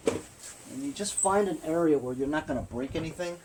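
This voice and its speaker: Against a noisy background, a man with a slightly high voice talks at normal speed as he repairs a lawn tractor engine. This small-engine repair vlogger chats casually with viewers throughout the hands-on demonstration.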